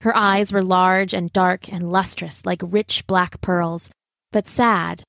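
A woman narrating a children's story aloud in a measured, gently expressive reading style. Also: lowish voice, vocal fry, no echo, studio quality. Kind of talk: audiobook narration.

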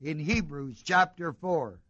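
A man's voice: on the high side, slow pace, a bit bright, no room sound, highs cut off. A middle-aged man preaching a sermon, asking the congregation questions and driving points home with repetition. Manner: call-and-response questions to the congregation, emphatic repetition.

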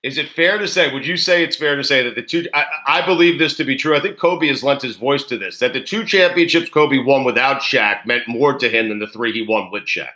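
A man hosting a casual sports interview, enthusiastic and quick to laugh. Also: mid-range voice, bright, forceful tone. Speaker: host.

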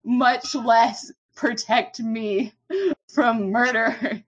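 Slow, emphatic profane woman ranting. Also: a little high, level tone, a bit bright, lo-fi sound. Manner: profane, emphatic, laughing through a rant. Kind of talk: casual podcast rant.

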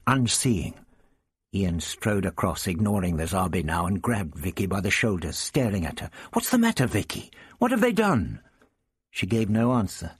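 Man narrating audiobook, slow, low voice, husky, lively intonation, dramatic. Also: no echo. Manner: dramatic, measured storytelling.

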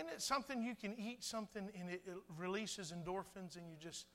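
A man's voice: high-pitched, lively intonation, brisk, few pauses, fairly bright tone. A middle-aged man preaching a sermon as pastor, chatty and stammering through restarts, slipping into little acted asides.

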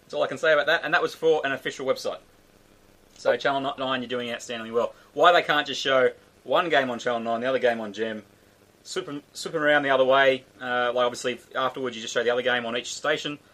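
A man's voice: mid-range voice, fast talker, fairly bright tone. An Australian man hosting a casual sports chat show, chatty and joking. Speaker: host.

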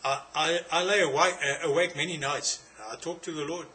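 Forceful South African preacher, higher voice. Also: male voice, fairly even intonation, a little fast. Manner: emphatic, repetitive, rhetorical questions. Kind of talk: sermon.

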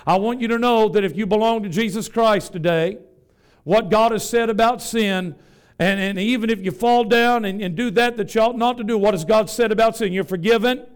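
A Pentecostal bishop with a high, smooth, ringing voice preaches to his congregation. He talks in a rhythmic, folksy way and keeps calling questions out to the room. The sound is clear and resonant, the voice of a man at home in the pulpit. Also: normal speed. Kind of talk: sermon. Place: church before a congregation.

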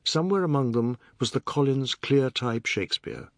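A man narrating a novel as an audiobook in a measured, expressive reading. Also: medium pitch, no room sound, studio quality.

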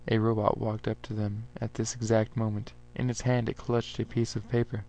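A man reading his own science fiction story aloud in a plain, even manner, with an occasional small slip. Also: on the low side, moderate pace, hardly any pauses, highs cut off. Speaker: narrator.

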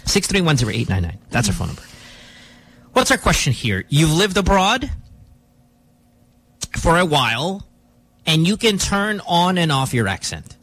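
A man's voice: on the high side, big pitch swings, normal speed, long pauses, a bit bright, breathy edge, no echo. A man hosting a morning radio show, joking and slipping into Tagalog. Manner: joking, code-switching into Tagalog.

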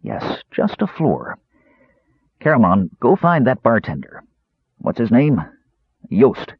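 A man's voice: medium pitch, wildly swooping pitch, slow, slightly rough, no echo, pitched above the performer's own voice, full character voice. A man voicing Raistlin, a cold young male mage who speaks in a terse, clipped and commanding way, in a dull lo-fi storybook reading. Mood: curt. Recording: dull lo-fi recording.

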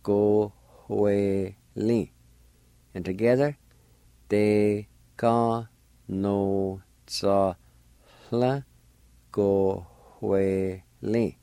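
A man hosting a radio language lesson, slowly spelling words letter by letter and repeating each one. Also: on the low side, little pitch movement, mellow, smooth, dry recording. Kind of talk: slow spelling and pronunciation lesson.

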